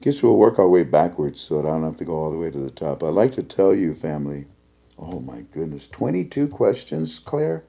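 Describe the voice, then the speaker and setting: A man's voice: rumbling low, very animated, brisk, creaky, mellow. A man hosting a casual talk show, telling a story animatedly and acting out both sides of a conversation. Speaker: host.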